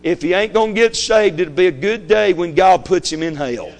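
A man's voice: sits high, animated, moderate pace. A man preaching a fiery sermon, emphatic and repetitive, hammering his points home. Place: church sanctuary.

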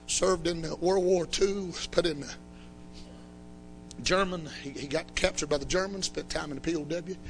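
A man preaching a sermon, telling a story and rising into fervent shouting. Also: sits high.

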